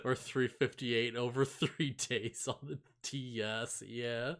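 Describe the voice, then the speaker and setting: A man's voice: mid-range voice, fairly even intonation, slow, fairly bright tone. Rambling man in casual chat. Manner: rambling, filler-heavy, laughs often. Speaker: podcast co-host.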